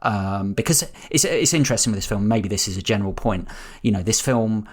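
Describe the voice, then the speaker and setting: Low-voiced musing podcast man. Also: a little fast. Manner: musing, with frequent filler words. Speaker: podcast co-host. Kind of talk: casual film discussion.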